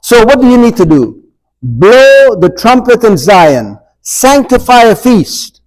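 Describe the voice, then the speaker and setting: A man with a rather high-pitched voice leads an informal adult Bible class in a church room. He talks conversationally, throws questions at the group, and plays out scripture exchanges with a light comic touch. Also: sing-song, unhurried, darkish tone, rough recording. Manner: conversational, asks the group questions, acts out dialogue with humor. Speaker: pastor leading an adult forum.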